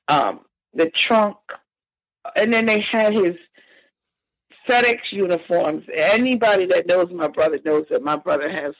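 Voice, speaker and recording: A woman telling a painful family story as a podcast guest, halting and emotional with frequent restarts. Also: fairly low pitch, creaky, no echo, rough recording. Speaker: victim's sister, interview guest. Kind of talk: personal account in a podcast interview.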